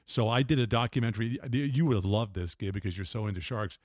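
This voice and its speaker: A man's voice: fairly low pitch, quick pace, a little mellow, dry recording, clean studio sound. An older man, a guest on an interview show, telling rambling stories with restarts and laughs. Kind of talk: casual storytelling interview.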